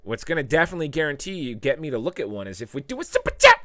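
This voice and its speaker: Lively, bright-voiced man streaming live. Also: medium pitch, racing, few pauses, dry recording, studio quality. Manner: animated, jumps into loud playful outbursts; reads viewer comments aloud and gives tips. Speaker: live stream host answering chat. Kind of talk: casual live stream chat.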